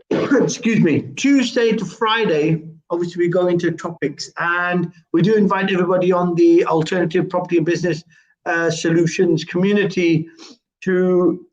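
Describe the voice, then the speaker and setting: A high-pitched man hosts a live morning stream, rambling along with lots of ums and uhs. The sound is muffled and lo-fi, like a web call. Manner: rambling, with many fillers. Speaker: host. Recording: dull lo-fi live stream audio.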